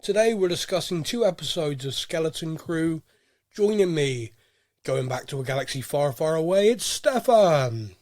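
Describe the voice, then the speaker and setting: A man's voice: a little high, expressive, moderate pace, darkish tone, dry recording, clean studio sound. Man with a head cold. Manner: chatty, rambling with fillers. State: head cold, a bit nasal. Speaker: podcast host. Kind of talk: casual chat.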